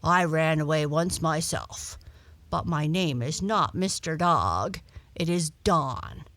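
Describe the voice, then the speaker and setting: A woman doing a blustery, gruff old dog. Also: low voice, expressive, slow pace, fairly bright tone, heavily acted. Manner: hearty, blustery. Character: gruff male dog, cross at first but kindly.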